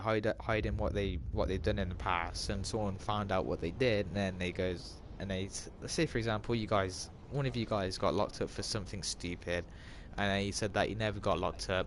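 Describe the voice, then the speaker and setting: A man gives casual gameplay commentary, retelling a film in a rambling way full of restarts and asides. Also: sits low. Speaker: gamer retelling a film while playing. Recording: loud car and game noise behind.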